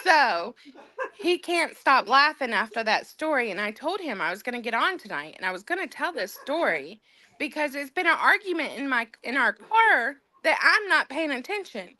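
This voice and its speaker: A woman's voice: sits high, big pitch swings, normal speed, bright, forceful tone. A woman in her thirties telling a funny story on a casual podcast, laughing as she goes. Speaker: podcast co-host.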